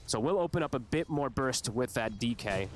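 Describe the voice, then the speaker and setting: A man calling an esports match live, analyzing each play quickly. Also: medium pitch, expressive. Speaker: esports caster. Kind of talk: play-by-play commentary.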